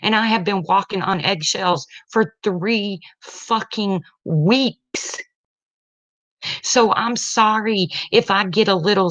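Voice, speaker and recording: A woman's voice: mid-range voice, slow pace, a bit bright, dry recording. A middle-aged woman venting about her family in an emotional personal rant, blunt and heated, tearful at times. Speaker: parent venting online. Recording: dull lo-fi sound, dry.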